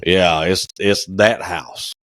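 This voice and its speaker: A man's voice: sits low, steady tone, slow, fairly bright tone, dry recording. Folksy man telling a story. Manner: folksy storyteller, acts out phone calls. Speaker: podcast co-host, cabinet maker. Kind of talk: casual chat.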